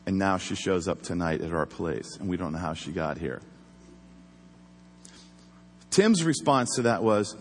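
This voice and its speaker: A former police officer telling a story in a casual, animated way, acting out the voices he quotes. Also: low voice, a little slow, pauses often, long reverb tail, slight background noise.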